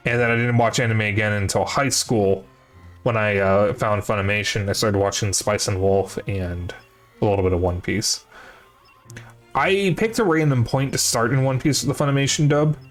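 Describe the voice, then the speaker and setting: This young streamer has a lowish voice with fairly even intonation and speaks at a normal speed. Chatting casually with his live chat, he rambles, self-corrects and curses occasionally, with faint background music.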